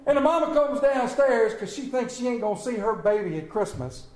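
A man preaching an Easter sermon in a folksy way, swinging between loud calls to the congregation and quiet asides. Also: very high-pitched, lively intonation, a little fast. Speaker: pastor. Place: church sanctuary. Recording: echoey church room.

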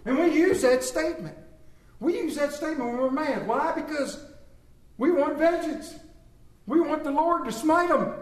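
A man's voice: very high-pitched, expressive, normal speed, echoey room, rough recording. A man preaching a sermon, reading scripture and telling stories with emphatic calls to his congregation. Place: church.

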